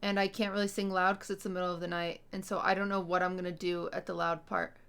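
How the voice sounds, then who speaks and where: A woman's voice: on the low side, little pitch movement, fast, a bit bright, clean tone. A woman livestreamer chatting with her audience from home at night, blunt and exasperated, swearing freely. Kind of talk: casual chat to a stream audience. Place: home at night, roommates nearby.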